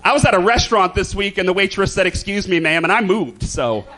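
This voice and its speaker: A man doing campy, theatrical stand-up comedy in a club, throwing quick asides to the crowd. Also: sits high, animated. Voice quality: slight lisp. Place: comedy club stage with a live audience.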